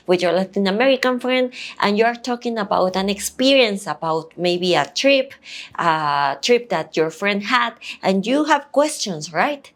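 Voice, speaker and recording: A woman whose first language is Spanish teaches an online language lesson, repeating each example slowly and deliberately. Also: mid-range voice.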